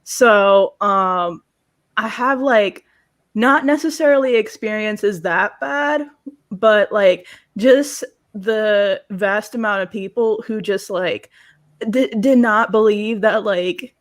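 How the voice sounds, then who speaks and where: A young woman from South Florida in a casual panel discussion, telling lively stories and acting out quoted exchanges. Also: mid-range voice, slow. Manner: animated storyteller, acts out quoted exchanges.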